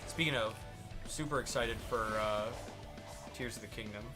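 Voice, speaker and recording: A man's voice: on the low side, moderate pace. A man co-hosting a casual gaming chat show, rambling with lots of fillers. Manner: rambling with many fillers and restarts. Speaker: podcast co-host. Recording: music playing behind.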